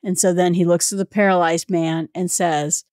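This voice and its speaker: Woman, lower register, casual Bible-study teacher, conversational explainer, dry close recording. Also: level tone, normal speed, darkish tone, no room sound. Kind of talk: informal Bible study talk.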